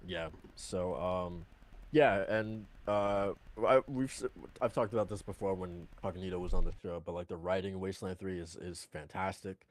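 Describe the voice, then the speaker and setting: A man with a fairly low voice rambles through a casual podcast chat. He fills his talk with hesitations, restarts and quick laughs. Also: fairly even intonation. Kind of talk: casual chat about video games.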